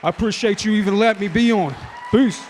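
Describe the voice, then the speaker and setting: A man's voice: high voice, quick pace, in a large hall, a little hiss or hum. A man in his forties doing a loose stand-up set at an open mic, rambling and swearing freely. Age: 40s. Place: hall at a sober open mic night.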